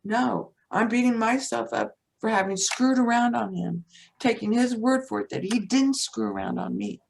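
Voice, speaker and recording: A woman's voice: on the high side, expressive, normal speed, creaky, a little hiss or hum, rough recording. A woman guest, a teacher and author, telling a personal story in conversation in a blunt, frank way and swearing casually.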